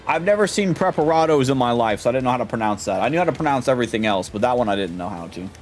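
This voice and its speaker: A man's voice: medium pitch, animated, rapid-fire, faint music behind. A young man hosting a let's play, chatting casually in a laid-back, slangy way about his voice acting. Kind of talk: casual game commentary.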